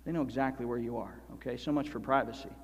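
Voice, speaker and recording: A man preaching a sermon as pastor, animated and emphatic, slowing down to stress key phrases. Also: medium pitch. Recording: long hall reverb.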